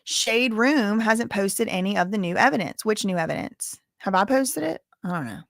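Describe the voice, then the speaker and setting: A woman hosting a stream, reading court transcript quotes aloud with animated exclamations. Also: medium pitch, normal speed, vocal fry, no room sound, clean studio sound. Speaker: commentary host.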